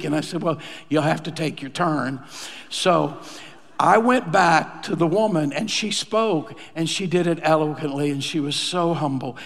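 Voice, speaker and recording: A man preaching as pastor, slipping into the voices of people he quotes as he tells a story. His voice sits a little high for a man. Long reverb of the church hall trails after every line. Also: measured pace, creaky, a bit bright. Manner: conversational storytelling, acting out quoted lines. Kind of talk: sermon storytelling.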